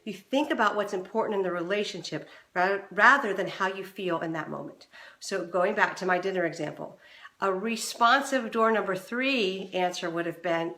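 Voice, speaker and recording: A woman's voice: normal speed, echoey room. A middle-aged woman hosting a relationship advice show, talking straight to the viewer and acting out the voices she quotes. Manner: animated, acts out quoted voices with big pitch swings. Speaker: relationship coach and show host. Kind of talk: direct-to-camera advice talk.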